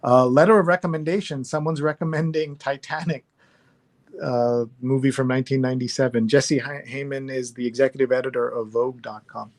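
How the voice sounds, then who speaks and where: A man's voice: mid-range voice, steady tone, a little fast. A man hosting a live online readalong, chatting casually and skimming headlines aloud over a video call. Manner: conversational, skims headlines aloud with fillers. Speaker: host.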